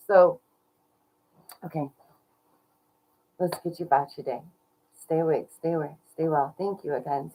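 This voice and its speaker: Woman, live stream chat, low pitch, dark mellow tone, gushing and casual. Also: low-quality recording. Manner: gushing, chatty, laughs often.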